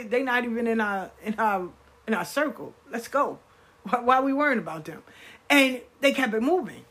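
A woman's voice: a little high, a bit bright. A woman telling a story in a casual monologue, emphatic and repeating phrases as she quotes people she has talked to.

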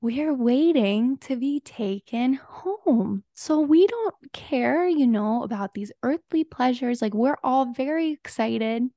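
A serene bald cult leader, his words drawn out slow and dreamy, as a woman puts him on. He sounds blissfully calm, floating a touch above a normal speaking pitch. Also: dry recording, exaggerated voice.

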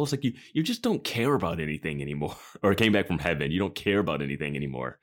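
A man co-hosting a podcast, chatting in a rambling, animated way. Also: low-pitched, fast, few pauses. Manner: animated, rambling, bursts of laughter. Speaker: podcast co-host. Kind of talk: casual chat.

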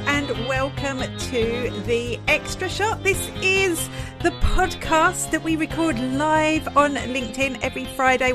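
A woman hosting a live podcast, telling stories in a chatty, lively way. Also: sits high. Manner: chatty, lively storytelling with laughs. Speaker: podcast host.

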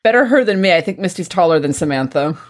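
A woman playing a tabletop game, playful and quick to laugh. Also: on the low side, animated. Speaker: player. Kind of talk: casual tabletop play.

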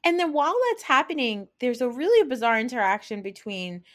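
A woman's voice: fairly high pitch, expressive, a little fast, fairly bright tone. A woman co-hosting a podcast, retelling reality-show scenes in an exasperated casual chat. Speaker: podcast co-host.

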